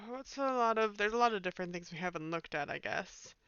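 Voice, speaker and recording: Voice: mid-range voice, lively intonation, fairly quick, a bit bright, clear, resonant tone, no echo, lo-fi sound. A game streamer rambling through a live let's play, reading game text and trailing off in self-mocking asides.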